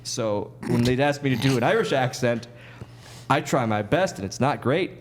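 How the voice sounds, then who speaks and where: A man's voice: mid-range voice, lively intonation, normal speed, a little hiss or hum. A man from Wisconsin, a guest telling stories in a casual, self-deprecating way with lots of laughing. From Wisconsin, USA. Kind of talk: casual storytelling.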